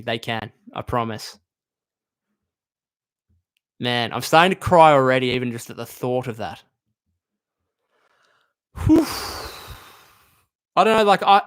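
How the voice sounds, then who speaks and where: A man's voice: mid-range voice, expressive, normal speed, pauses often, a bit bright. A man hosting a casual live stream, talking basketball and reading chat comments, emotional and chatty, thinking aloud with restarts.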